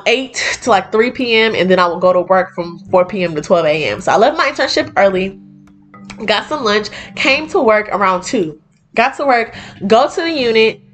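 A young woman talks through a personal story in a loose, conversational way, using everyday speech and many "like"s. She slips into livelier voices when she quotes others. Faint music plays quietly behind her. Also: medium pitch. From United States. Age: young adult. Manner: animated, acts out quoted voices. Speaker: podcast host. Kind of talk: casual storytelling.

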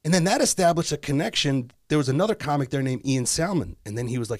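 A man's voice: mid-range voice, fast, no room sound, clean studio sound. A man from Detroit, a comedian guest on a podcast, telling a long story in casual talk, swearing freely and voicing the people in it. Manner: animated storyteller, swears freely, voices the people in his stories.

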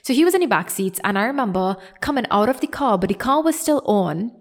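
A young woman with a Trinidadian accent, hosting a podcast and telling a story in a casual, animated, self-deprecating way. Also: on the high side, quick pace. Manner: animated, self-deprecating, acts out quoted voices. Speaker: podcast host.

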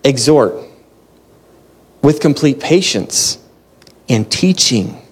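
A man's voice: medium pitch, expressive, slow, husky. A man preaching a casual, conversational sermon, chatty and self-interrupting, laughing often as he talks. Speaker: pastor.

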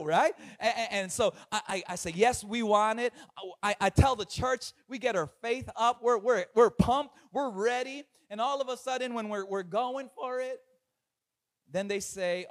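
A male pastor delivers a sermon in a high, bright-sounding voice. He tells his story with animated, acted-out quotes, often repeating his words as he builds momentum. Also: moderate pace.

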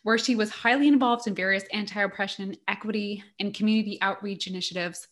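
A woman's voice: mid-range voice, fairly bright tone. A woman hosting a podcast, upbeat and enthusiastic, cheering her guests on in casual chat. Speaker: podcast host.

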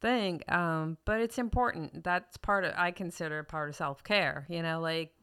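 A woman's voice: lowish voice, normal speed, fairly bright tone, clear, resonant tone. A woman co-hosting a casual conversation, chiming in often and talking easily. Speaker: co-host.

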